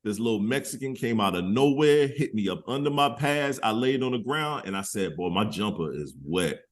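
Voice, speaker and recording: A man's voice: fairly low pitch, animated, normal speed. Joking man co-hosting a podcast. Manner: laughs often, joking. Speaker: podcast co-host. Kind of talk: casual podcast chat.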